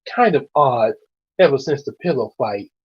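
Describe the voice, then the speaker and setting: A man's voice: medium pitch, lively intonation, normal speed, slightly rough. A man voicing a perceptive young fairy girl in a read-aloud storybook, asking her friends with concern. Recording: dull lo-fi recording.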